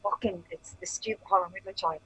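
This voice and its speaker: A woman's voice: on the low side, steady tone, fast talker, fairly bright tone, breathy edge, poor audio. A woman co-hosting a livestream panel, telling a heated story in a profane, angry rant over earphones on a call. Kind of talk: casual chat, heated storytelling.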